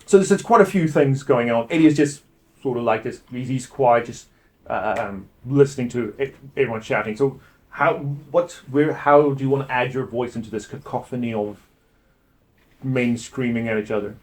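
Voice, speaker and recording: A man's voice: medium pitch, moderate pace. A man narrating a tabletop game as game master, in a casual, rambling way. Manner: casual, rambling with fillers and laughs.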